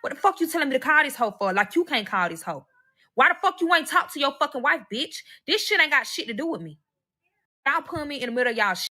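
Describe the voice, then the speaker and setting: Bright-voiced woman telling a heated story. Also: high voice, sing-song. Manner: heated, profane, fast-building anger. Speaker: storyteller in a reacted clip. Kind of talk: storytime recap.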